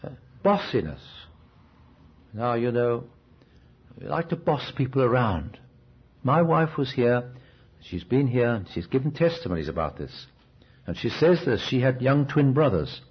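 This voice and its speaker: Male preacher, mid-pitched and husky, chatty sermon style, lo-fi cassette recording. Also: very animated, unhurried, pauses often. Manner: conversational storytelling, asks the listeners questions. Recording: dull, restored cassette recording.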